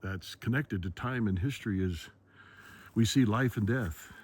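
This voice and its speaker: A man vlogging outdoors in the woods, musing slowly and philosophically as he walks. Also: lowish voice, husky. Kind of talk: reflective outdoor vlog narration.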